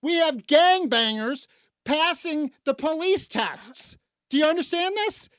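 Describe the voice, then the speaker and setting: A woman's voice: animated, a little slow, no echo. Woman talk radio host from Chicago, sarcastic and indignant, dry close sound. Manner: indignant, sarcastic, swings from low mutters to loud outbursts. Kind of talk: opinionated talk radio rant.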